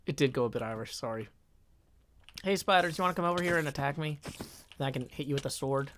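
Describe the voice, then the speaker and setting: A man's voice: fairly high pitch, quick pace, a bit bright, a little hiss or hum. A man streaming a game live, chatting casually, thinking aloud, cutting himself off mid-sentence and answering chat. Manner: thinks aloud, self-interrupting, reads chat. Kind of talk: casual live-stream commentary while gaming.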